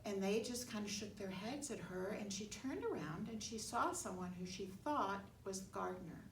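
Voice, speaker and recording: Lady telling a bible story to little kids, soft and simple, mic far off in an echoey church. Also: medium pitch, lively intonation, normal speed. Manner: gentle, simple words for kids. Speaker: children's storyteller. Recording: echoey room, mic far off, faint noise.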